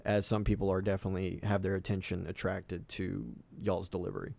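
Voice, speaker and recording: Casual male game master, low mellow voice, dry close sound. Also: flat delivery, fairly quick, creaky. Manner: casual, filler-heavy narration. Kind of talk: narrating a tabletop game.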